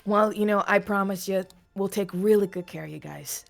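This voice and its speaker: A man's voice: high voice, moderate pace, gravelly, faint music behind. A woman voicing a friendly, shy young man who stammers and stays overly polite. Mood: reassuring.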